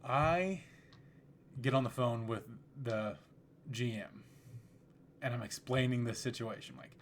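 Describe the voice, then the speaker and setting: A man hosting a podcast, telling a story casually in a relaxed, rambling way with frequent restarts. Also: mid-range voice, takes it slowly, long pauses, slight background noise. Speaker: podcast host.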